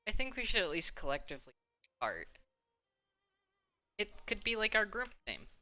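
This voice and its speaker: A woman's voice: mid-range voice, very animated, moderate pace, pushed and bright. A woman playing a tabletop game, hesitant and giggly as she describes her character. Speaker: player. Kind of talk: casual tabletop play.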